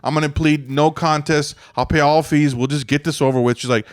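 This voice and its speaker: A man's voice: mid-range voice, steady tone, brisk, hardly any pauses, no echo, clean studio sound. A man on a podcast, telling a story in casual chat and acting out what other people said, swearing often. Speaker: podcast co-host.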